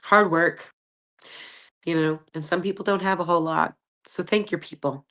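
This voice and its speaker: A woman's voice: fairly low pitch, steady tone, normal speed, a bit bright. A woman in her thirties hosting a podcast, giving candid, chatty advice with lots of fillers. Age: 30s. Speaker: podcast host. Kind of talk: casual solo podcast monologue.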